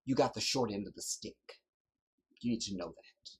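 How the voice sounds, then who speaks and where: A man hosting a livestream, delivering an impassioned, preachy monologue that often drops to hushed whispers. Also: lowish voice, moderate pace, husky. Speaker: livestream host.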